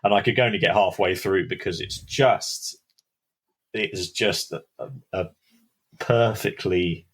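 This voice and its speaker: A man co-hosting a podcast, telling a scary story casually, with hushed build-ups and dramatic pauses. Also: deep voice, slightly rough, low-quality recording. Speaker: podcast co-host.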